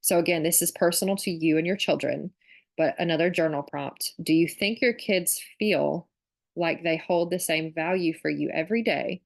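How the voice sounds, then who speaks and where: A woman's voice: fairly low pitch, normal speed, gravelly. A woman hosting an online workshop for mothers, talking casually and reflectively with frequent fillers. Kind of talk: conversational online workshop talk.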